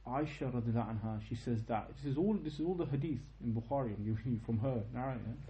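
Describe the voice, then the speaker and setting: A young man teaches an informal religious lesson, telling the story with lively rhetorical questions and quoted lines. His voice is warm and mellow, at an ordinary pitch for a man. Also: fast talker, echoey room, poor audio. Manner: animated storytelling, tag questions, quotes in Arabic.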